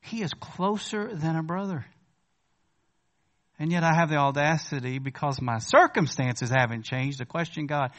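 A male pastor delivers a sermon in a church sanctuary, with a voice a little higher than most men's. He speaks to the congregation like a conversation, rises to emphatic, questioning bursts, then drops to quiet asides. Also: big pitch swings, normal speed.

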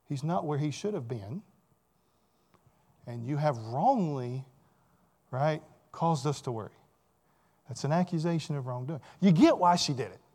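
Conversational preacher asking rhetorical questions. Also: male voice, on the high side, dark tone. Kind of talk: sermon.

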